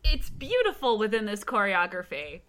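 A woman's voice: medium pitch, wildly swooping pitch, moderate pace, a bit bright. A woman in a casual movie discussion, enthusiastic and gushing.

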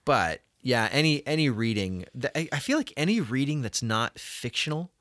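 A man's voice: medium pitch, normal speed, no echo, studio quality. A middle-aged man hosting a podcast in casual chat, joking at his own expense and often restarting his sentences. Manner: animated, jokey, self-deprecating with frequent restarts. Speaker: podcast host.

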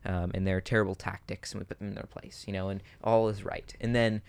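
Over a crowd in the background, a man with a fairly low pitch and level tone talks briskly as a podcast co-host. He muses casually about worldbuilding for tabletop fantasy games, full of fillers and restarts.

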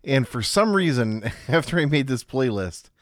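A man co-hosting a podcast, chatting in a relaxed, wry way. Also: mid-range voice, normal speed, no echo, studio quality. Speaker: podcast co-host. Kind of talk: casual podcast chat.

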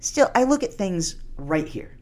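A woman's voice: fairly low pitch, sing-song, measured pace, warm tone. Profane, rambling woman telling stories. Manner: rambling, profane, jokey, with many restarts. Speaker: podcast guest, comedian. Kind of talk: casual storytelling interview.

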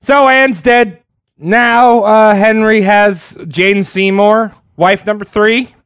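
A man with a high voice tells history as a casual, irreverent storyteller. His delivery is slangy and loose, recorded dry and close. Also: fairly even intonation, takes it slowly, fairly bright tone, clear, resonant tone, dry recording. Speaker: podcast host telling history.

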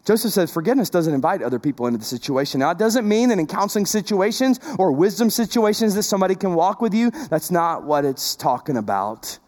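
A woman pastor preaching a sermon, full of rhetorical questions, shifting between loud emphasis and soft, tender passages. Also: on the low side, fast talker, few pauses. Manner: animated, asks the congregation many rhetorical questions.

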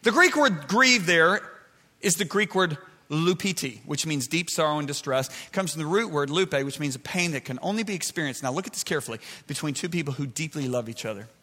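A middle-aged man preaching a sermon to a live crowd, swinging between loud shouted points and soft, confiding asides. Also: on the high side, lively intonation, a little fast. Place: large hall with an audience. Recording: long hall reverb.

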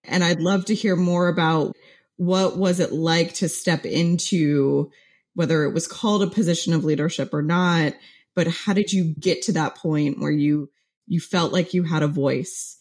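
A woman's voice: low-pitched, steady tone, unhurried, a little mellow, slightly rough. A woman hosting an interview and asking a guest thoughtful questions. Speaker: podcast host.

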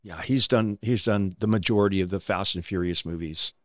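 A man who is a stunt driver, guesting on an interview show and telling anecdotes in a casual, animated way, acting out the voices of people he quotes. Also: low-pitched, brisk, no echo, clean studio sound.

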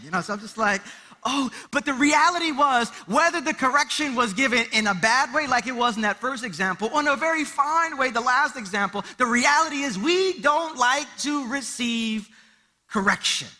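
A man in his thirties preaching a sermon in church, telling family stories and acting out the voices. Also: very high voice. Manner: animated storytelling, acting out voices and cries. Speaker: pastor.

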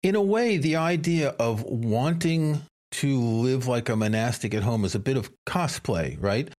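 Host guy asking stuff, mid pitch but lively. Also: unhurried. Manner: curious, asks questions, retells jokes. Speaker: podcast host. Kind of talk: casual chat.

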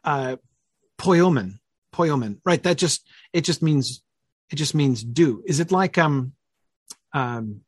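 A man's voice: fairly high pitch, animated, slow, pauses often, husky, dry recording, studio quality. A man leading a conversational Bible study, thinking aloud with many fillers and checking questions.

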